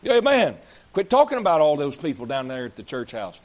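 A man's voice: a little high, huge pitch swings, brisk, a little mellow. A man, preaching a blunt, folksy sermon as pastor, scolding and joking with his congregation. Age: 30s. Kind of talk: fiery sermon.

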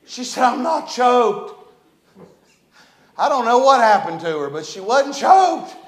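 A man preaching a sermon as pastor, telling stories and acting out scenes with shouts. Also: very high-pitched, sing-song, normal speed. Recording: echoey church room.

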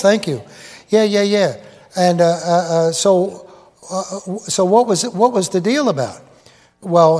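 A man's voice: high-pitched, a little mellow. A man preaching a rambling sermon to a live congregation, folksy and digressive, quizzing the crowd as he goes. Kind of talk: rambling sermon with jokes and asides. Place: large hall with live congregation. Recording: echoey hall reverb.

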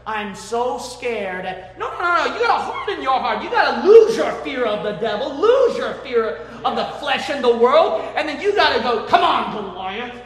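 A man preaching a sermon with fervent, emphatic delivery that swings from low talk to shouting. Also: very animated, a little fast, few pauses. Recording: echoey hall with long reverb.

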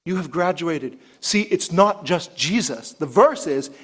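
Animated, high-pitched male preacher. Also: a little slow, breathy edge. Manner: animated preaching, rising to emphatic high pitch, frequent rhetorical questions. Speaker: pastor. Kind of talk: sermon.

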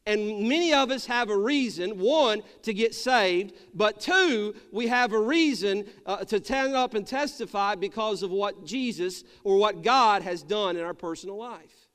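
Man, pastor, sermon, high voice, calls for amens, long church reverb. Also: unhurried, a bit bright, clean tone. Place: church sanctuary.

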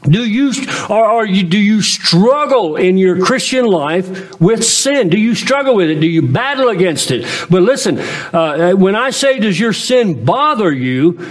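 High-voiced man preaching earnestly. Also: lively intonation, a little slow. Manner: earnest preaching, rhetorical questions to the congregation. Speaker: pastor. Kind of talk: sermon.

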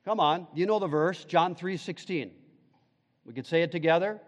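Preacher guy, kinda high voice, lots of hall echo, asks the crowd questions. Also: normal speed, muffled recording. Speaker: pastor. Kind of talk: sermon.

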